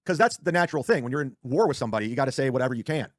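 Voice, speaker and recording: A man's voice: medium pitch, expressive, racing, no echo, clean studio sound. A man ranting casually on a livestream, rambling, swearing often and restarting his sentences. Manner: rambling, profane, self-interrupting.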